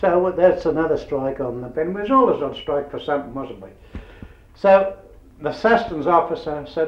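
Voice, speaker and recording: A man's voice: fairly high pitch, lively intonation, normal speed. Older man, interviewee, earthy yarn-spinner; roomy, lo-fi tape. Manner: rambling, earthy, chuckling anecdotes. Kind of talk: oral history storytelling. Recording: dull roomy old tape with hiss.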